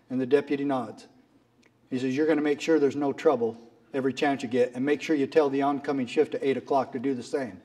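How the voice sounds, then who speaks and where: A man's voice: medium pitch, steady tone, fast, mellow, husky. A middle-aged man giving an impassioned speech at a fundraiser, telling a story and acting out its characters' lines. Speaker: speaker at a political fundraiser. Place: fundraiser event hall.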